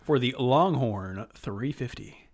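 A man's voice: mid-range voice, animated, slow. A man hosting a motorsport podcast, chatting casually with dry puns and mock-announcer segment reads. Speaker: podcast host. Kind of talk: casual chat.

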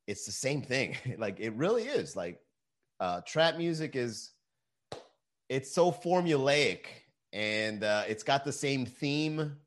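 A man in his late thirties hosts a podcast, his voice lowish with a fairly bright tone. He rants loosely and with plenty of profanity, addressing listeners as bro and man.

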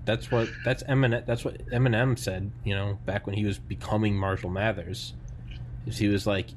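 A tired man hosting a podcast in casual chat, animated and profane, laughing often. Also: fairly low pitch, normal speed, slight background noise. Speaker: podcast host.

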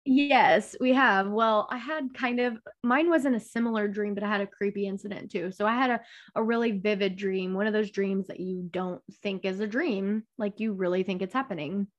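A woman's voice: medium pitch, fairly even intonation, moderate pace, lo-fi sound. A woman co-hosting a podcast, chatting casually, giggly and a bit hesitant. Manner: giggly, self-deprecating, hesitant. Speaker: podcast co-host. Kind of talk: casual chat.

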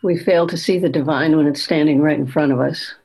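A woman's voice: sits low, steady tone, brisk, a little mellow, breathy edge, poor audio. Woman retelling scripture in a podcast. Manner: reflective, retelling scripture with quoted lines. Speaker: podcast co-host. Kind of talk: conversational faith podcast discussion.

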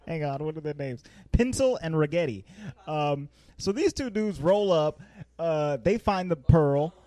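A man recaps a film among friends on a podcast. His voice sits a little high, and he laughs often as he tells the story with lively energy. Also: measured pace, no room sound. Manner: laughs often, animated retelling. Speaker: podcast co-host. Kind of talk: casual chat recapping a film.

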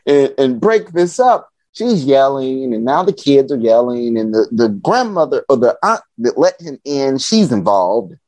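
A man's voice: mid-range voice, a little slow, hardly any pauses, no room sound. A young adult man from Chicago, a podcast guest telling a comic story and acting out the voices of the people in it. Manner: animated, acts out voices of people in his story. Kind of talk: comedic storytelling.

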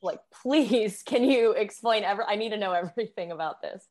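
A woman's voice: medium pitch, a little fast, darkish tone. A woman hosting an interview, chatty and eager, often saying "like". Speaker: podcast host. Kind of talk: conversational interview.

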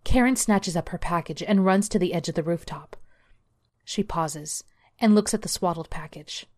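A woman narrates a horror story in a lowish voice, measured and suspenseful. Her reading moves steadily from line to line, each beat set down with care. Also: a little mellow.

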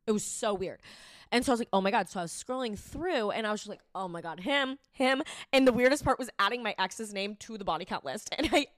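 A young woman co-hosting a podcast, telling a story in a lively, casual chat, laughing and swearing freely. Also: mid-range voice, quick pace, no room sound, clean studio sound. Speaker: podcast co-host.

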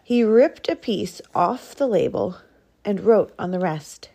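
This storybook reader is a woman with a medium-pitched voice who reads slowly. She brings expression to the children's picture book she's reading aloud.

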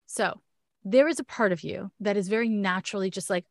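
A woman's voice: medium pitch, normal speed, a little mellow, no echo, clean studio sound. A woman with a Canadian accent giving a frank, chatty astrology reading in a casual one-on-one talk. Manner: chatty, frank, laughs often.

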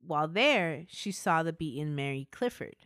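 A woman's voice: deep voice, lively intonation, moderate pace, fairly bright tone, clean tone, no room sound, clean studio sound. A woman hosting a podcast, narrating a true-crime story in a chatty way with asides. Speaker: podcast host.

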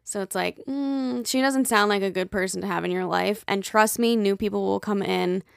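Creaky-voiced woman co-hosting an advice podcast. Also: normal speed, dry recording, clean studio sound. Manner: animated, acts out quoted voices with high, loud bursts. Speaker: podcast co-host. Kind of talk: casual advice chat, reading listener emails aloud.

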